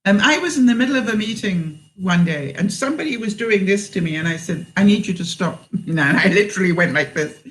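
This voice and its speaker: A woman's voice: medium pitch, animated, quick pace, few pauses, low-quality recording. A woman vlogger giving frank advice to her viewers, laughing often and acting out what she would say. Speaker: vlogger answering viewer questions. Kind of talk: casual advice talk.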